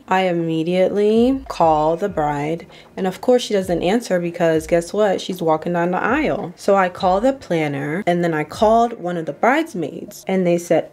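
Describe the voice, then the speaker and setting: A young woman from Ohio telling an animated story while getting ready, acting out what other people said. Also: fairly low pitch, moderate pace, few pauses. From Ohio, USA. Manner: animated storytelling, acts out quoted voices. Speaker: makeup artist vlogger.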